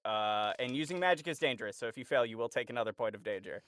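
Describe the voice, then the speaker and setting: A man's voice: medium pitch, animated, fast talker, a bit bright. A man running a tabletop game as game master, narrating in a hesitant way with many fillers and frequent laughter.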